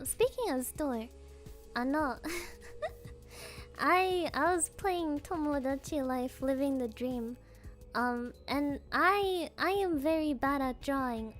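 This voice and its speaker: A woman streamer chatting casually and playfully, stumbling through tongue twisters with giggles and dropping Japanese fillers into her English. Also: high-pitched.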